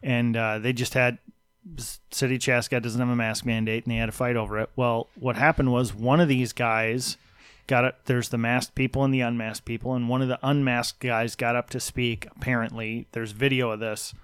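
A man's voice: mid-range voice, flat delivery, normal speed, smooth, no room sound. A man from Minnesota hosting a casual talk show, telling stories in a wry, conversational way. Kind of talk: casual chat.

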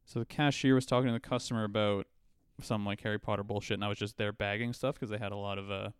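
A man's voice: on the low side, fairly even intonation, fast talker, smooth, dry recording. A young man co-hosting a podcast, chatting casually with crude jokes, laughing often and telling rambling stories. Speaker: podcast co-host. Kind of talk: casual chat.

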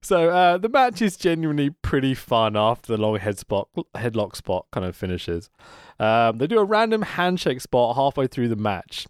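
A man's voice: medium pitch, sing-song, normal speed, clean tone, dry recording, clean studio sound. A man co-hosting a casual wrestling podcast, laughing often and telling stories with lots of expression. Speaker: podcast co-host. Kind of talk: casual chat reviewing wrestling.

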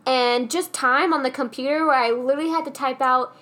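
A woman with a high voice tells a story in a casual chat. She is animated and swears freely, and she often slips into impressions of other people. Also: brisk.

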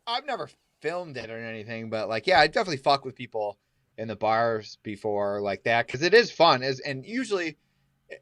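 A man's voice: mid-range voice, big pitch swings, fairly quick, dry recording, studio quality. A man in casual podcast chat, rambling through stories with lots of filler words and swearing. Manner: rambling, loose, breaks into loud shouted impressions.

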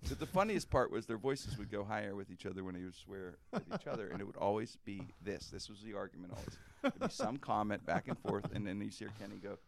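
Gravelly animated storyteller man. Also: fairly low pitch, quick pace. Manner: animated, profane, laughs often. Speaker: radio host. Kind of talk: casual storytelling.

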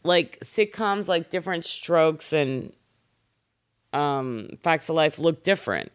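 A woman's voice: low voice, expressive, slow, clean tone, dry recording. Woman podcast guest: casual, rambling, clean dry studio sound. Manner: chatty, loose, full of "like" fillers. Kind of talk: casual chat.

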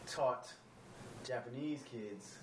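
A man's voice: medium pitch, slow, echoey room, distant mic, background noise. A man born in Brooklyn who grew up moving around with the military, telling joking anecdotes in a casual chat. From born in Brooklyn, raised as a military child.

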